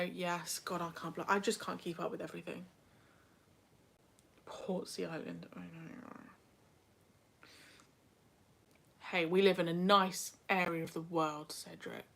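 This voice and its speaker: A woman's voice: fairly low pitch, vocal fry, a bit bright. Young female livestream host, chatty and self-mocking, casual home webcam sound. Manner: chatty, self-deprecating, drifts into whispers. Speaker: livestream host reading chat. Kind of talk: casual live chat.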